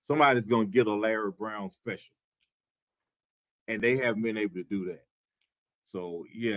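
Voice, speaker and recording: A man with a very deep, low voice co-hosts a live football talk show. He rants in a wry, exasperated way, lacing it with dry humor, and his voice sounds close and dry, with no room around it. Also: no echo. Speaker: show co-host.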